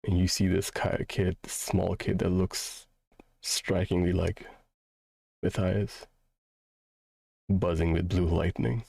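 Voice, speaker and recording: A man narrates a tabletop game in a deep voice with a gravelly, husky edge. He paces his descriptions slowly and pauses often. The sound is dry and close. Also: flat delivery, mellow, dry recording. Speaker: game master.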